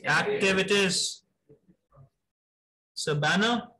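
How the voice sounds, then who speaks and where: Guy teaching vocab, highish voice, brisk quizzing, says sir a lot, mixes in urdu. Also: bright, forceful tone, low-quality recording. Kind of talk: live online class, quizzing students.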